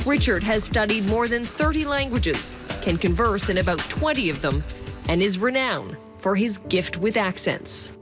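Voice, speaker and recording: A woman reporter reading scripted news narration in a measured, even way. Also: mid-range voice. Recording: voice-over with background music.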